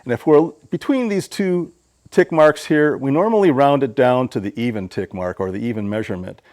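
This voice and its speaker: A man's voice: medium pitch, fairly quick, darkish tone, dry recording. A man hosting his own DIY channel who gives a patient, plain-spoken how-to explanation. He often stammers and restarts his sentences.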